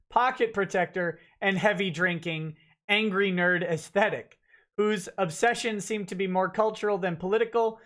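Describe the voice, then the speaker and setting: A man's voice: high voice, fairly bright tone. Sarcastic man reading out a legal complaint. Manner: reads dense legal text aloud, breaking off for sarcastic asides; informal, jokey and blunt. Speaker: host reading a lawsuit complaint. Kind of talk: live-stream legal commentary.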